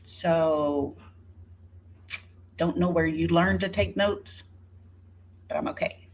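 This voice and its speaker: Slow, indignant woman in her fifties. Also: fairly low pitch, slight background noise. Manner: indignant, sarcastic, speaks directly to a rival by name. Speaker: YouTuber. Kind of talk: rebuttal vlog talking to viewers.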